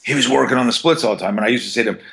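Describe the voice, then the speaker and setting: A man's voice: mid-range voice, very fast, creaky, fairly bright tone. A man in his fifties, a self-defense coach guesting on a podcast, telling stories in a rambling, profane way full of fillers. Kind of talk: casual storytelling interview.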